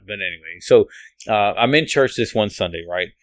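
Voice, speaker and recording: Man, podcast guest, earnest rambling testimony, slightly low voice, dry close sound. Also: lively intonation, moderate pace, dry recording. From United States. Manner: earnest, rambling, restarts and laughs. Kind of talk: emotional testimony.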